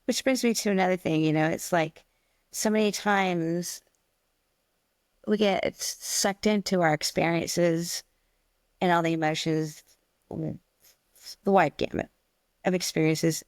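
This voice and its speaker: Brief: woman co-host, chatty storyteller, mid pitch leaning low, dry close mic. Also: slow pace, pauses often, no echo. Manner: chatty, animated storytelling with acted-out quotes. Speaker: podcast co-host, stained glass teacher. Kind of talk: casual chat.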